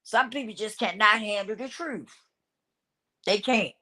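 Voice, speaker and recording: A woman's voice: medium pitch, unhurried, bright, forceful tone. A woman vlogger in a blunt, repetitive talking-to-camera rant who swears casually and laughs often.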